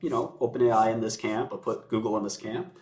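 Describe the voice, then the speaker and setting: A man's voice: lowish voice, steady tone, quick pace, darkish tone. A man giving his views in casual conversation, blunt and sardonic, often laughing as he mocks. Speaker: commentator. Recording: roomy echo.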